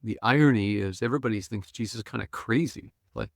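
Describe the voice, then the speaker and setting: Speaking quickly in a low, gravelly voice, an older guest scholar and pastor tells stories with energy on a podcast, voicing the characters and chuckling along the way. The sound is close and dry, without any echo.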